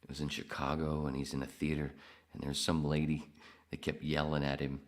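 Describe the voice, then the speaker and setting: A man's voice: rumbling low, completely flat delivery, a little fast. A man hosting a podcast alone, reading the live chat aloud with crude, self-mocking jokes. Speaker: podcast host. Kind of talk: solo livestream chat reading.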